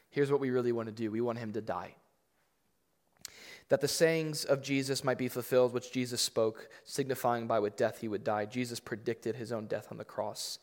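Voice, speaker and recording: A male pastor preaches in a loose, conversational way, with fillers and restarts, and he lifts his voice to stress key points. His voice has a middle pitch and rings with the long echo of a large hall. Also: a little fast. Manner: conversational, rising to emphatic points, frequent fillers. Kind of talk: sermon.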